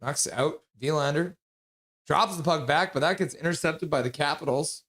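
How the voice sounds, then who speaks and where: Excitable man calling hockey live. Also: a little high, normal speed. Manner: jokey, chats with viewers between calls; gets excited and loud on big plays. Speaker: streamer calling the game live. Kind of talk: casual live play-by-play commentary.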